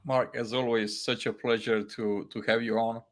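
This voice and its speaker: A man's voice: medium pitch, little pitch movement, moderate pace. A man hosting a podcast interview, speaking courteously as he wraps up. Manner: courteous, wrapping up. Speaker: podcast host.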